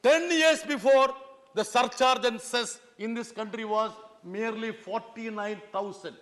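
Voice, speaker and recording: Middle-aged man, very high voice, insistent parliamentary speech in a big reverberant chamber. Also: a bit bright. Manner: insistent, repeatedly pleading "sir". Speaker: member of parliament. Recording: long hall reverb in a large chamber.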